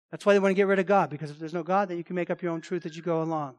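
A man's voice: high voice, steady tone, very fast, hardly any pauses. A man preaching a sermon, emphatic and repetitive, often restarting his phrases. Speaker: pastor.

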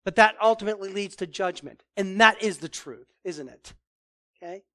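A man preaching a sermon, forceful and emphatic, often repeating and restarting words. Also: high voice, moderate pace. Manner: forceful, rising to emphatic declarations.

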